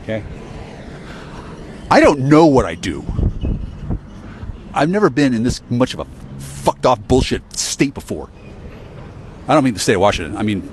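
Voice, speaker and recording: A man's voice: medium pitch, big pitch swings, moderate pace, pauses often, a little hiss or hum. A man ranting in an angry, profane monologue to camera, rambling with stammered restarts and sighs, recorded outdoors on a city street. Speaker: vlogger.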